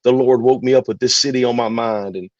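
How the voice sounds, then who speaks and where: A man, a pastor telling his story in an interview, relaxed and chatty. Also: mid-range voice, fairly quick, no echo. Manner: relaxed, chatty, many fillers. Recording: dull, dry recording.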